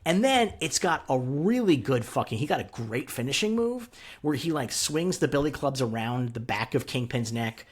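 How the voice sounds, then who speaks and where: Husky, animated man recapping a show. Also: medium pitch, normal speed. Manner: animated, swears freely, many fillers. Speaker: podcast co-host. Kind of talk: casual TV recap chat.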